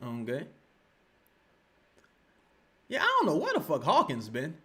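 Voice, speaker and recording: A man commentates a basketball game live, swearing freely. His fairly high voice swings widely in pitch. He erupts into shouts, then sinks into low grumbling. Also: huge pitch swings, measured pace. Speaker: sports streamer reacting to a live game.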